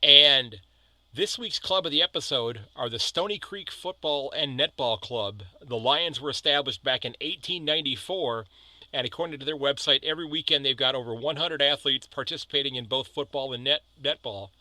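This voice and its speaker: A man's voice: medium pitch, moderate pace, pushed and bright, no room sound. An American man in his fifties hosting a casual podcast chat, talking loosely with frequent restarts. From United States. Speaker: podcast host.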